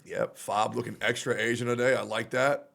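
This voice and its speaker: Gravelly joking streamer man. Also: mid-range voice, fairly even intonation, normal speed, a bit bright. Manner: joking, teasing banter. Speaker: streamer host. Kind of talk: casual group call chat.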